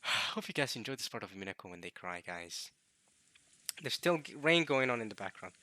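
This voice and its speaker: Young male let's play host: worn-out, strained voice with a sharp bright edge, halting casual delivery. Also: lowish voice, expressive, dry recording. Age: young adult. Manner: rambling, halting, with coughs and throat-clearing. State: tired, strained voice. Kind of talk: casual late-night let's play commentary.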